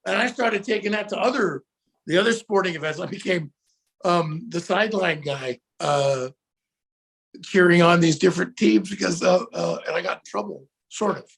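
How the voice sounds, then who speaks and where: A middle-aged guest actor tells stories in a casual interview, his voice high-pitched and gravelly at a normal speed. He's animated, breaking into loud shouts as he acts out the cheers he once led.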